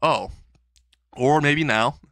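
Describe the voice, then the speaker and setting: A man's voice: a little high, very slow, fairly bright tone, no room sound, heavily acted. A man voicing a friendly, easygoing tough teenage boy in an amateur storytelling video.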